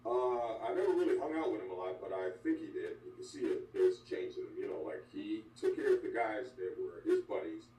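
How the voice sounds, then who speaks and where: An older man, a former wrestler, telling stories bluntly in an interview, animated and full of asides. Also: on the low side, fairly quick, few pauses. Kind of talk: candid storytelling interview. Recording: echoey room, distant mic, faint hum.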